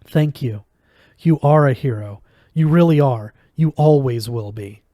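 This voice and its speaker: A young male magician, read by a man, speaking gently to reassure a friend. His voice is mellow and the sound is dry and close. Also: mid-range voice, unhurried, no room sound, close to an everyday voice. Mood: reassuring.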